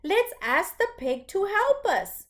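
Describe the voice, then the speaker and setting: A woman's voice: very high-pitched, sing-song, takes it slowly, voice pushed up, full character voice. A woman voicing an eager, helpful young boy in a storybook read-aloud.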